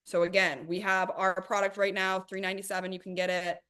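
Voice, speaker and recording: Energetic woman coaching on money. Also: medium pitch, brisk, clear, resonant tone. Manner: energetic, emphatic, addresses viewers as you guys. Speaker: host of a money coaching workshop. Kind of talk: live workshop talk answering chat questions.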